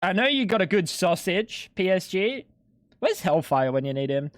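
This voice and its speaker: A man's voice: sits high, very animated, normal speed, no room sound, clean studio sound. A young man streaming live, chatting casually with his viewers in a laid-back, slangy way with some swearing.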